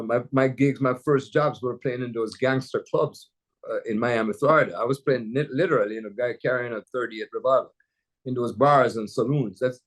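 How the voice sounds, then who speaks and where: An older man from Jamaica with a Jamaican accent, a jazz pianist telling stories in a casual conversation over a video call, rambling and restarting often. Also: mid-range voice. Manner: rambling, storytelling, many restarts and "you know"s.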